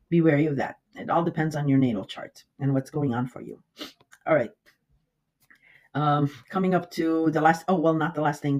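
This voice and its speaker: A woman's voice: deep voice, a little mellow. Rambling, emotional woman astrologer. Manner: emotional and rambling, many fillers. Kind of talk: casual horoscope reading.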